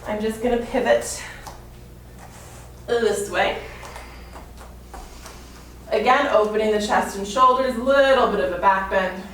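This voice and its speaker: A woman's voice: mid-range voice, a bit bright, distant mic, slight background noise. Breathless woman coaching a workout, echoey room. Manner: counts reps aloud, cueing moves while exercising. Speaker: yoga and fitness instructor. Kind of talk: guided workout instruction.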